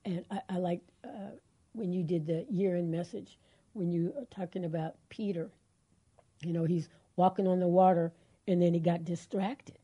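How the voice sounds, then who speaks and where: A woman's voice: fairly low pitch, unhurried, dark tone, slightly rough. A middle-aged woman co-hosting a Christian call-in radio show, talking earnestly and encouragingly. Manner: earnest, encouraging, laughs easily. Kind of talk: faith talk radio chat.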